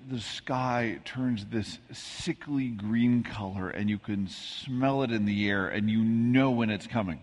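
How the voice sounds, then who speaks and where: A man from the American Midwest giving a sermon as pastor, telling stories in a casual, self-deprecating way with frequent asides. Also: medium pitch. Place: church sanctuary. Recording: husky voice with long church reverb.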